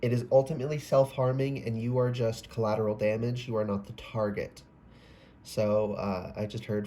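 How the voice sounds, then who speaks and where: A man's voice: lowish voice, steady tone, moderate pace, mellow, slight background noise. A man giving a casual, rambling tarot reading, often breaking off mid-sentence, swearing and exclaiming. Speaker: tarot reader.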